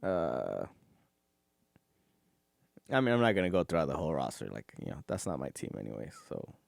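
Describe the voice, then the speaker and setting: A man's voice: rumbling low, wildly swooping pitch, moderate pace, vocal fry, no echo, clean studio sound. A man hosting a solo podcast, rambling casually, swearing, and laughing as he goes. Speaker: podcast host.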